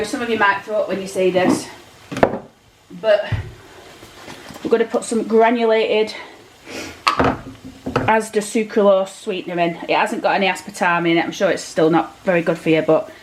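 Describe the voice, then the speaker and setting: A woman's voice: mid-range voice, background noise. Casual woman, home cooking vlog, chatty direct address to viewers. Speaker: vlogger. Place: home kitchen.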